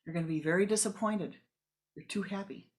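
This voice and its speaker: A woman's voice: mid-range voice, brisk, voice pushed up, natural voice. Worried overprotective mother, put on by a woman narrator, fretful and cautioning.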